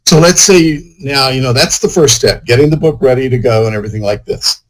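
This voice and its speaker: A man's voice: medium pitch, fairly quick, low-quality recording. A man, an author, chatting casually in an interview, rambling and full of "you know" fillers. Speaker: author and guest.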